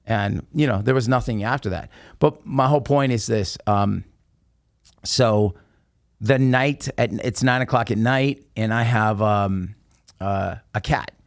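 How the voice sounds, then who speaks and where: A man's voice: fairly low pitch, unhurried, gravelly, dry recording, clean studio sound. A man telling stories casually and emphatically as a podcast guest. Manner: animated, emphatic storyteller. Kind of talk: casual storytelling.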